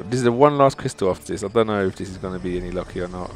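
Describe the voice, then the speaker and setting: A man hosting a gaming channel, commenting on opening game crystals, excitable and exasperated, pleading with the game and calling his viewers dudes. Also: deep voice, rapid-fire. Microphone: desktop mic.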